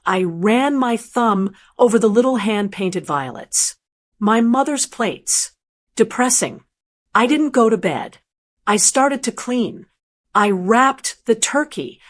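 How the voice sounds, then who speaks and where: An older woman narrating a first-person story in a calm, measured, plainspoken way. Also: medium pitch.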